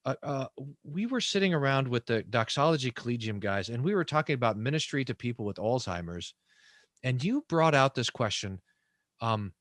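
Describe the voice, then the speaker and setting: A man hosts an interview with lively, rising and falling pitch, often restarting his sentences as his ideas tumble out. The sound is dry and close, without room echo. He talks at a middle pitch for a man. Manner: enthusiastic, halting with many restarts. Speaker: pastor and host. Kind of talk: long-form interview chat.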